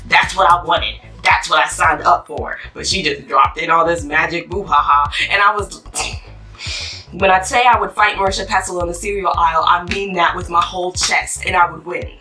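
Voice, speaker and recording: A woman giving a ranting book review on her channel, exasperated and animated, with casual slang. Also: on the low side, normal speed, recorded from a distance, faint music behind, low-quality recording.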